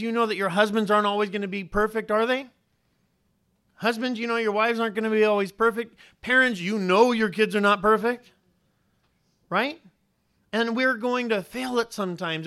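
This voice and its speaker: A man's voice: high-pitched, pushed and bright. A male pastor preaching a sermon, putting questions straight to the congregation and leaning hard on key words. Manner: preaching with rising emphasis and direct questions to the congregation.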